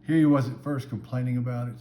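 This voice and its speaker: This minister's short Bible devotional is earnest yet conversational. His voice is mellow and medium in pitch, his intonation fairly even, and his pace quick, recorded in an echoey space with faint hum behind.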